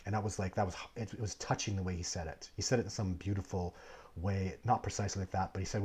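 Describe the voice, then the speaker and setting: Husky low-voiced guy on a live q&a, rambly stories, keeps restarting, gets loud then mutters. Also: quick pace. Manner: rambling, digressive storytelling with many restarts; swings between animated bursts and low, muttered asides. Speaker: livestream host answering viewer questions. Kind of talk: casual live Q&A chat.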